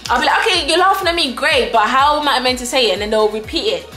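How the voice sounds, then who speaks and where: Chatty young Ghanaian woman, bright voice. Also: high voice, expressive, fast talker, reverberant, soft background music. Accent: Ghanaian English. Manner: chatty, laughs often, acts out quoted exchanges. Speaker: vlogger. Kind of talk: casual storytime.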